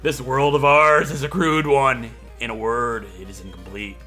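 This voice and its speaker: A man's voice: mid-range voice, fairly even intonation, normal speed, sharp tone, faint music behind. A man voicing a grandiose male villain boss delivering a theatrical speech. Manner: proclaiming, theatrical.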